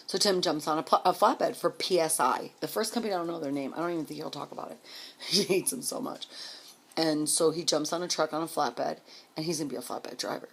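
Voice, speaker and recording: Husky low-voiced woman, blunt and profane. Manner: blunt, heavy swearing; rapid, emphatic delivery. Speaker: vlogger telling a life story. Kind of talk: casual storytelling.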